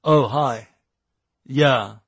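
A man's voice: mid-range voice, a bit bright, breathy edge, no room sound, dull audio, full character voice. A man voicing a flustered, sheepish young man in an audiobook. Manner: flustered, halting.

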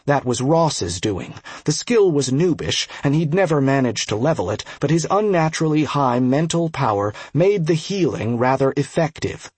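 A man narrating a fantasy game audiobook in a steady, measured reading. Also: on the high side, slightly rough, no room sound. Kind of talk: scripted narration.

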